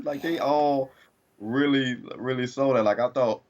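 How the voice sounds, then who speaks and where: A man's voice: mid-range voice, measured pace, a little mellow. A man co-hosting a podcast, laid-back and rambling in casual chat. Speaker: podcast co-host. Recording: dull lo-fi mic.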